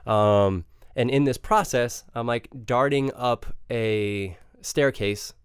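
A man telling a story as a podcast guest, relaxed and self-mocking, with ums along the way. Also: mid-range voice, slow, clean tone, dry recording, clean studio sound. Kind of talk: casual chat.

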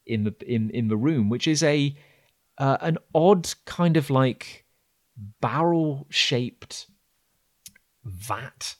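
A man narrating as game master of a tabletop role-playing game, often pausing with fillers and restarting his sentences. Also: lowish voice. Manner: hesitant, many fillers and restarts.

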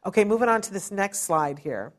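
A woman's voice: mid-range voice, brisk. A woman in her fifties, a parent hosting a conversational webinar, telling stories and acting out quoted voices. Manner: animated storytelling, voices quotes. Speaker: host and parent.

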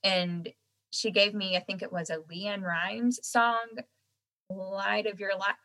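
A young woman with a softened Southern American accent, chatting casually as a guest and laughing often. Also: mid-range voice, steady tone, slow, rough recording. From Southern United States. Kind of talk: casual chat.

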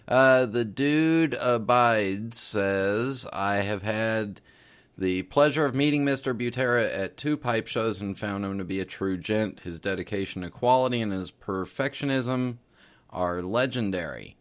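Low-voiced male podcast host reading mail. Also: moderate pace, clear, resonant tone. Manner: casual, reads letters aloud with fillers.

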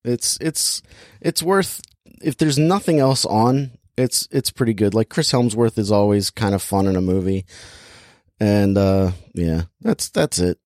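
A man with a lowish, darkish voice takes his time reviewing a film in a casual podcast chat. Rambling along, he uses "like" constantly and interrupts himself to start his sentences over. Clean studio audio, no echo.

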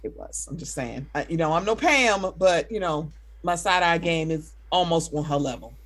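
A woman's voice: sits low, animated, normal speed. A woman hosting a casual podcast, playful and laughing, swearing freely and slipping into silly voices. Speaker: podcast host.

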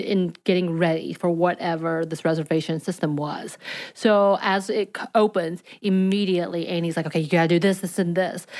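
Animated woman podcast co-host, lowish voice. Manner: animated storyteller. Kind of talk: casual chat.

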